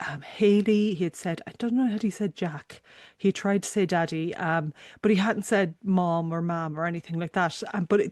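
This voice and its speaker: A middle-aged woman, hosting a podcast and telling a personal story in a halting, emotional way, often tearful. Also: medium pitch, darkish tone, dry recording, studio quality. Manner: emotional, halting, with many restarts. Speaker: podcast host.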